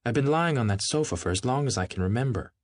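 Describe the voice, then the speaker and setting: A man's voice: mid-range voice, animated, fast, no room sound, pitched above the performer's own voice, close to an everyday voice. A man voicing a bored, languid young woman athlete who drawls her offhand, curt lines.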